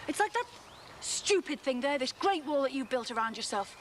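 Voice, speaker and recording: An exasperated, reproachful wife. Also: female voice, high-pitched, lively intonation, normal speed, slight background noise. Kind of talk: TV soap acting.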